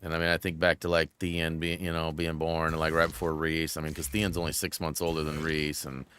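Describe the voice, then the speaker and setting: A man's voice: very deep voice, completely flat delivery, a little fast, a bit bright, clear, resonant tone, dry recording. A man hosting a gaming channel, chatting casually with a friend while playing and rambling along with many restarts. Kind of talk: casual chat while playing a video game.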